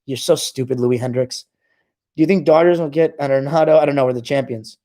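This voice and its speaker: A man's voice: medium pitch, fairly even intonation, a little fast, dark tone. A young man hosting a casual live stream, reading comments aloud and trash-talking his viewers.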